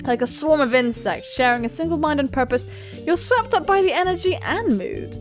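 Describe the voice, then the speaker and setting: A young woman hosting a gaming video, reading a visual novel aloud quickly and giggling as she jokes between lines. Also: high voice, lively intonation, faint music behind.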